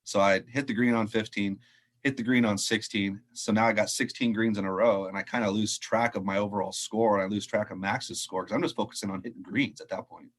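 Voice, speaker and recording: A man, a head golf professional, telling a story casually in an interview, animated and acting out quotes, laughing often. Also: fairly low pitch, brisk.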